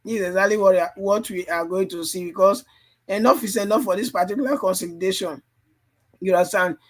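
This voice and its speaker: This trading stream host has a high, fairly bright voice that sounds tired and strained. He coaches through live chart analysis in a repetitive way, circling back to the same phrases and repeatedly asking "you understand?"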